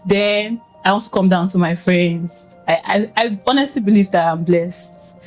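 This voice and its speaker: A woman co-hosting a casual podcast, expressive and openly sentimental. She talks a lot and acts out the people she quotes in lively voices. Her voice sits at a middle pitch, with soft music faintly underneath. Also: normal speed. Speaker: podcast co-host.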